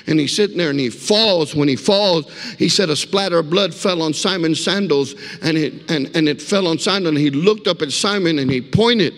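A man with a notably high-pitched voice preaches as a guest speaker, sharing his testimony as a vivid, emphatic story. He urges the congregation to answer him with amens. His voice rings through a church hall with a long, echoing reverb. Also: normal speed, a bit bright. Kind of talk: sermon with personal testimony. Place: church sanctuary.

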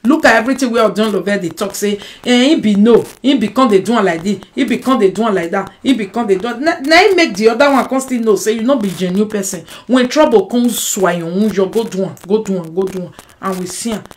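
Speaking fast with hardly any pauses, this vlogger aims a lively monologue at a rival straight into the camera. She has a Nigerian Pidgin accent, stresses her points hard, and jumps from loud outbursts to quiet muttering while dropping rhetorical "eh?" asides. The audio quality is poor.

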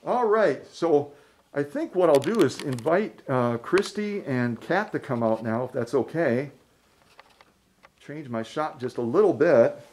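A man's voice: a little high, lively intonation, a little slow, darkish tone. A middle-aged man hosting a fundraiser livestream, chatty and folksy, rambling through trivia in a casual way. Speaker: fundraiser host.

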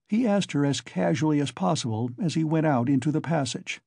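A man narrating a classic novel as an audiobook, reading in a measured, even way. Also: fairly high pitch, vocal fry, no room sound.

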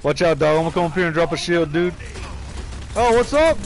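A man giving live commentary over his own gameplay, excitable and full of profane trash talk, yelping and laughing at his plays. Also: a little high, racing. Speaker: streamer.

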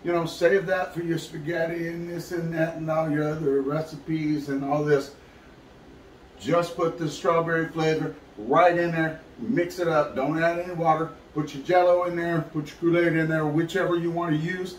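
A man's voice: fairly high pitch, fairly even intonation, normal speed, a little hiss or hum. A man hosting a casual how-to fishing video, chatty and folksy as he talks to viewers. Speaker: fishing channel host. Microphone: camera mic, filmed by a helper.

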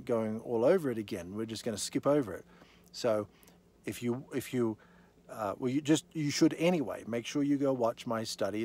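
A man's voice: medium pitch, darkish tone. A man teaching the Bible in an evening session, reading scripture aloud and stressing his points with rhetorical questions.

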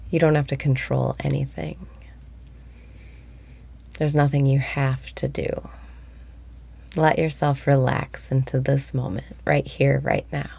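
Slow, deep-voiced woman guiding meditation. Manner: slow, soft-spoken, often breathy and whispered. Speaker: meditation guide. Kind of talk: guided meditation.

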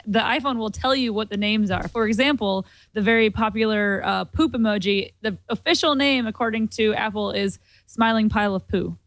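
A woman's voice: medium pitch, moderate pace, hardly any pauses, dry recording. A woman on a tech panel, explaining things in a matter-of-fact way. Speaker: panel guest. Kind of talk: casual panel chat.

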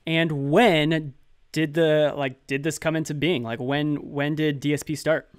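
A man co-hosting a podcast in casual chat, laid-back and pausing often with fillers. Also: a little high, fairly even intonation, a little hiss or hum. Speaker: podcast co-host.

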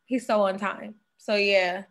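A woman's voice: mid-range voice, steady tone, a little slow, fairly bright tone, a little hiss or hum. A young woman speaking as a podcast guest, sharing an earnest personal testimony and fighting back tears.

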